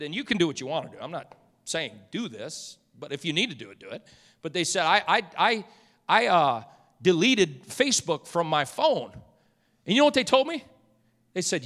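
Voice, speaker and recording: A high, lively male voice with a bright, forceful edge, preaching from a church platform. He moves between booming emphasis and soft, chatty asides. A long reverb trails after him through the sanctuary. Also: moderate pace. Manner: swings from loud preaching to quiet, chatty asides with laughs. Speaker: pastor. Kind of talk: sermon.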